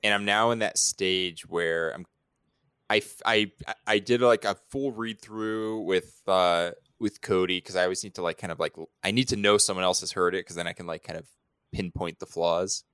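A man co-hosting a podcast, talking casually about his writing in a halting, rambling way. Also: sits low, steady tone, fairly bright tone, smooth, no echo, clean studio sound. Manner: halting, rambling with many fillers. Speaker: podcast co-host, screenwriter. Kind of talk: casual chat.

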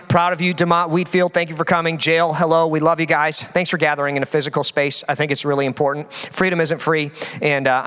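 A man preaching a sermon as pastor, telling stories with quick jokes and frequent fillers. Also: on the high side, clear, resonant tone. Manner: animated storytelling with quick jokes. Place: large church hall. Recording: long hall reverb.

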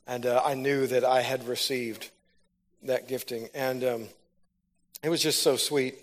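A man with a medium-pitched, steady voice preaches at a measured pace. He relates a personal testimony in storytelling fashion, which grows into loud, fervent preaching.

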